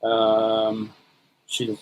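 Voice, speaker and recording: A man co-hosting a podcast in relaxed chat, laid-back with dry humor. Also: on the low side, drawn-out words, low-quality recording. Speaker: podcast co-host.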